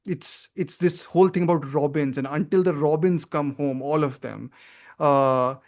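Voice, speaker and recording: A man's voice: fairly high pitch, steady tone, normal speed, darkish tone. Earnest man thinking aloud. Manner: earnest, thinking aloud, many fillers and restarts. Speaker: podcast host. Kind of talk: casual film discussion.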